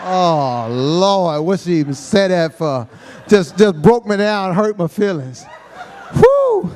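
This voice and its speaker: High-voiced man doing stand-up comedy. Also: measured pace, darkish tone, a little hiss or hum. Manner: Southern Black vernacular, storytelling, laughing at his own jokes. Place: comedy stage before a live audience.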